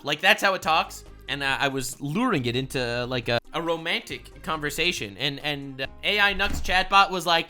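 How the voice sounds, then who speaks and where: A male reaction streamer with a very bright, cutting voice whose pitch leaps all over as he comments. He swings between loud, profane, exasperated rants and hushed mutters. Faint music plays underneath. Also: animated, moderate pace, hardly any pauses.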